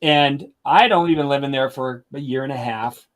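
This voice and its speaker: Animated older man telling drum stories. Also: medium pitch, moderate pace. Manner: animated anecdotes, quotes friends in lively voices. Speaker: drum educator, guest. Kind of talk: casual storytelling.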